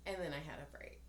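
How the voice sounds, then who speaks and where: A woman in her forties, a podcast co-host, tells a story in casual chat, acting out the voices of the people in it and swearing freely. She sounds tired. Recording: echoey room.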